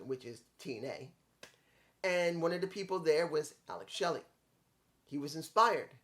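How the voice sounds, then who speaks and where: A man's voice: fairly high pitch, fairly bright tone. A man reviewing a wrestling show in casual, rambling commentary, getting frustrated and stumbling over names.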